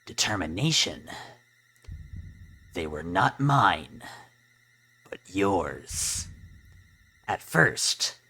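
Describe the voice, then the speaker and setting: A man voicing a cold sinister spirit of a dead child in a gruff, low, slow growl for a video game. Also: bright, forceful tone, slight background noise, full character voice.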